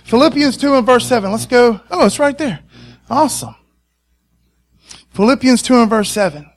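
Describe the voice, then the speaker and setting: A man preaching a sermon, excited and conversational, often calling out to the congregation for a response. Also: very high-pitched, moderate pace.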